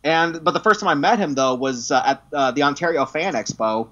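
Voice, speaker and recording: A man from New York, co-hosting a casual chat and telling stories in an animated way, laughing often. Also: fairly high pitch, fairly quick. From New York, USA. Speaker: co-host. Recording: dull lo-fi sound.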